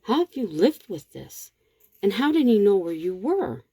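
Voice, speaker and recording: A woman's voice: medium pitch, big pitch swings, normal speed, dark tone, breathy edge, pitched above the performer's own voice. A woman reading a panicked young woman's lines in a shaky, urgent way. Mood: shocked.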